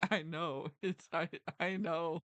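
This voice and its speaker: A host around thirty chats casually on a livestream, with a rounded, mouthful delivery that blurs some words. They keep drifting into tangents, restarting sentences and leaning on "like" and "you know". The voice is smooth and resonant, recorded dry and close. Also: mid-range voice, steady tone, takes it slowly, fairly bright tone, no echo. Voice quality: round, mouthful, mumbled articulation. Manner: tangent-prone, self-correcting, frequent "like" and "you know". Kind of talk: casual rambling chat. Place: lives in New Jersey.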